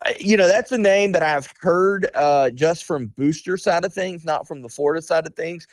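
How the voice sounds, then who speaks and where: A man's voice: a little high, no echo. Blunt man giving inside sports talk. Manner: blunt, candid, fills pauses with "you know" and "um". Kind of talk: radio sports talk interview.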